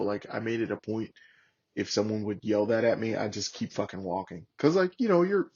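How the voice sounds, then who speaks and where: A man in his thirties, a former Marine guest on a podcast, telling war stories in a casual, profane, animated way and acting out the voices of the people in them. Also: on the low side, breathy edge, lo-fi sound. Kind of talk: casual storytelling.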